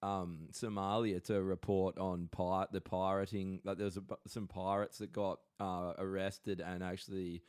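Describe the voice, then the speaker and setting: A man's voice: deep voice, flat delivery, normal speed, hardly any pauses, a little mellow, smooth. A man co-hosting a podcast, telling a long rambling story to his mates with lots of swearing and restarts. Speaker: podcast co-host. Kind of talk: casual chat with mates.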